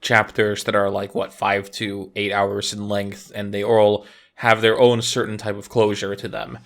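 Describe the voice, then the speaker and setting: A man's voice: fairly low pitch, monotone, measured pace, vocal fry, fairly bright tone. A man co-hosting a casual podcast, speaking in a laid-back, agreeable way. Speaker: podcast co-host. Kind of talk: casual podcast chat about video games.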